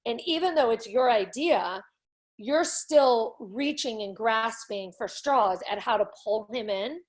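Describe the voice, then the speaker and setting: A woman's voice: fairly high pitch, expressive, unhurried. A woman coaching a parent with confidence, explaining her advice and acting out short examples.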